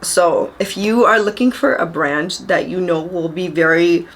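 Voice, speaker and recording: In an upstairs room of her family home, a young beauty vlogger reviews makeup, talking casually and directly to her viewers in a gushing, chatty way. Her voice is fairly low in pitch and measured in pace, with a slight hiss or hum.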